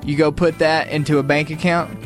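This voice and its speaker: A woman's voice: sits low, little pitch movement, fairly quick, faint music behind. A woman co-hosting a morning radio show who delivers absurd jokes with a straight face. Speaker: radio co-host.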